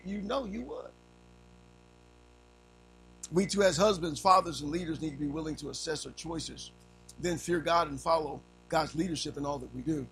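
A man preaching a sermon to fathers and families, swinging from low, quiet lines to raised cries. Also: vocal fry, low-quality recording. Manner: preaching with sweeping pitch swings, rising to cries. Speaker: pastor.

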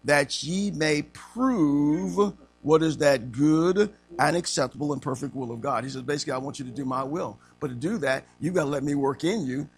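A man preaching an interactive sermon to a class, asking the room questions and acting out stories with slow, emphatic delivery. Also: on the high side, soft background music.

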